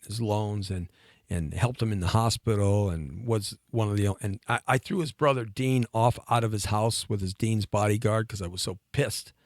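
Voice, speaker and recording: A man in his fifties telling a long personal story on a talk show, lively and chatty, laughing between lines and often restarting his sentences. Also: medium pitch, no echo, studio quality. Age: 50s.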